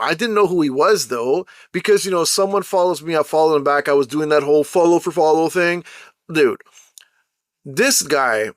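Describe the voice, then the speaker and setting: A young man hosts his own show and vents in an animated, slang-heavy monologue. His voice sits high and sounds bright and forceful. The recording is dry and close. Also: dry recording. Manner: animated, irritated storytelling with slang. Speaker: podcast host. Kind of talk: casual monologue rant.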